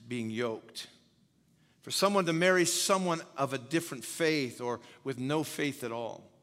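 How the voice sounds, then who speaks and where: A man's voice: mid-range voice, fairly bright tone, big-room sound. A man preaching a sermon as pastor. He speaks emphatically, repeats key phrases and quizzes his listeners.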